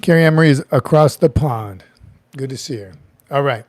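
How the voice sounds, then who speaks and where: A man's voice: mid-range voice, brisk, no room sound. A middle-aged man hosting a casual livestream, chatty, joking and greeting viewers by name. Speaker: livestream host.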